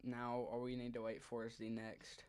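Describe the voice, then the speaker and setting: A man talks through live weather radar as he watches it, pausing often with ums and hedging his calls. His voice sits at an ordinary middle pitch. The sound is dry and close, with no room around it. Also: monotone, a little mellow, clean tone, dry recording. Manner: hesitant, frequent ums and trailing pauses; thinking aloud, unsure.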